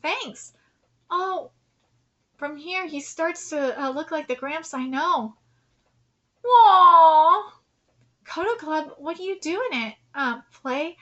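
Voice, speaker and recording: A woman's voice: high voice, unhurried, fairly bright tone, dull audio. A woman streamer reading manga aloud and reacting live, emotional and near tears, with laughing asides.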